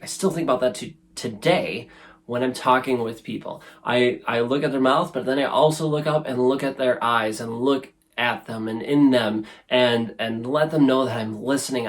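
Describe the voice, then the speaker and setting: A man's voice: mid-range voice, steady tone, normal speed. A man in his thirties hosting a casual self-help talk to camera, earnest and conversational, often tagging sentences with "right?". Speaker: show host. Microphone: camera facing speaker.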